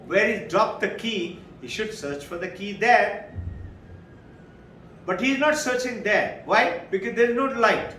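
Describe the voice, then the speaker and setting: A high-voiced man gives a spiritual talk. He tells his stories with lively delivery and acts out each voice. The mic sits well back from him in a roomy hall. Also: distant mic, slight background noise. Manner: animated storyteller who acts out quoted dialogue. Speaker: spiritual teacher. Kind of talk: spiritual talk to a live audience.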